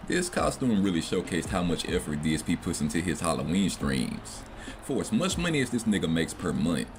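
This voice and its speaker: A man's voice: sits low, slight background noise. A man narrating a scripted commentary video in a dry, critical tone. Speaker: documentary narrator.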